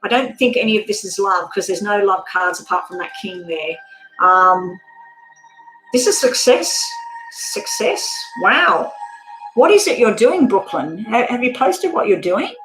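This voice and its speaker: A tarot reader hosting a live stream talks with viewers in a medium-pitched, somewhat bright voice with lively intonation and a moderate pace. She's casual, laughs frequently and swears at times, with faint music in the background and a roomy echo.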